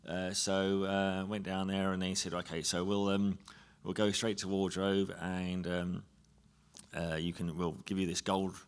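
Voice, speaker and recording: A man's voice: deep voice, monotone, unhurried, clean tone. An English man from England, a guest on a convention panel, telling a story live with lots of fillers, restarts and giggly asides.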